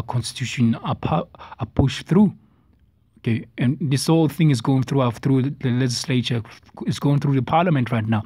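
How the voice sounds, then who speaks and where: A man's voice: medium pitch, darkish tone, no room sound. A man giving a preachy response-video commentary, stumbling over words as he reads passages aloud. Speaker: religious commentator. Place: South Africa.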